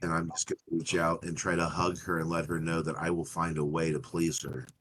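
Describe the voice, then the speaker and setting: A man playing a tabletop game, joking and now and then shouting lines in character. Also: low voice, flat delivery, brisk, noisy background. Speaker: player.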